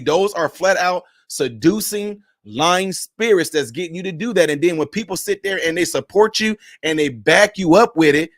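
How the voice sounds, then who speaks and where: High-voiced man preaching emphatically. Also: a bit bright, no echo, studio quality. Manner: emphatic, repetitive, preacher cadence. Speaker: minister and streamer. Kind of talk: preachy livestream commentary.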